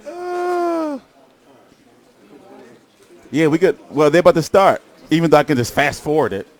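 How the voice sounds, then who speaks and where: A young man chatting casually on a stream about boxing, excitable and profane, often repeating himself. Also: on the high side, slow pace, long pauses. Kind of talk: casual live-stream chat.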